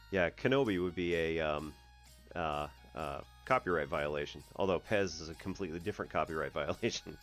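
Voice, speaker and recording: A man from the US Northeast hosting a math stream, chatting casually, laughing often and clearing his throat. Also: low-pitched, moderate pace, faint music behind. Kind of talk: casual livestream chat.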